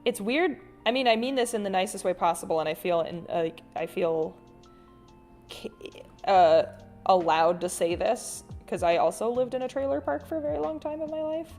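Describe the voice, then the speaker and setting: A woman's voice: mid-range voice, normal speed, faint music behind. Chatty woman hosting a drawing stream. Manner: chatty and rambling, with frequent restarts and sudden soft hums. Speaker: artist livestream host. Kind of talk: casual livestream chat, reading viewer comments while drawing.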